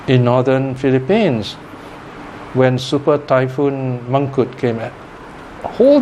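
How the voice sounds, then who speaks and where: A man's voice: mid-range voice, darkish tone, a little hiss or hum. A man giving a Buddhist Dharma talk in a conversational teaching manner, often checking in with "okay?" and "right?".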